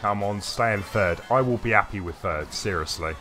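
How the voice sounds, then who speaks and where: A man's voice: on the low side, normal speed, bright, forceful tone. Chatty British man streaming a game. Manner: rambling, chatty, answers chat by name. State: unwell, coughing. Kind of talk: live gameplay commentary, chatting with viewers. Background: faint game music.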